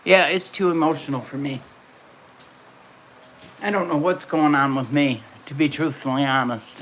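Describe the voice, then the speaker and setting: A woman's voice: deep voice, moderate pace, pauses often, fairly bright tone, slight background noise. An older woman hosting a casual livestream from home, chatting and answering her viewers' comments by name. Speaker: livestream host.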